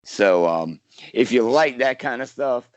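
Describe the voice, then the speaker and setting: A man's voice: medium pitch, animated, measured pace, dry recording. A man from South Carolina, an actor guest, chatting casually in an interview with lots of fillers and restarts. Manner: rambling, many fillers and restarts.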